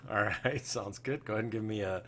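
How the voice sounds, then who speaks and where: A man with a fairly low voice runs a tabletop fantasy game as its game master. He narrates easily, with plenty of fillers and short asides to the players. A faint hiss sits behind his voice. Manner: relaxed, filler-heavy narration with quick guard voices.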